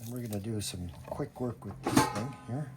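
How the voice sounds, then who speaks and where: A man's voice: on the low side, normal speed, over loud music, low-quality recording. An older man, a grandfather, patiently teaching a child to cook step by step and joking along the way in a home kitchen. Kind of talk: home cooking lesson. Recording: loud background noise, chopping.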